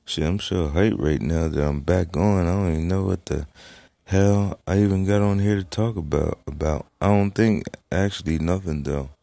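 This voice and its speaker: A man's voice: sits low, moderate pace, creaky, mellow, no room sound. A man hosting his own podcast, talking in a loose, rambling, profane way with lots of fillers. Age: adult, has a daughter. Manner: rambling, profane, laid-back. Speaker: podcast host. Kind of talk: casual solo podcast talk.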